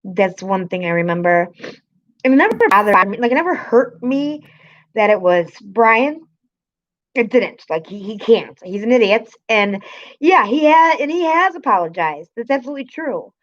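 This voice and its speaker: A woman's voice: mid-range voice, big pitch swings, a little slow, dull audio. A woman live streamer, upset and swearing as she vents to her chat and greets viewers by name.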